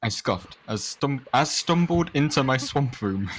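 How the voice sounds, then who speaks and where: A man's voice: mid-range voice, lively intonation, measured pace. A young man reading a fanfic aloud to friends in a sarcastic, overacted way, now and then tripping over words. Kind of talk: mocking dramatic read-aloud.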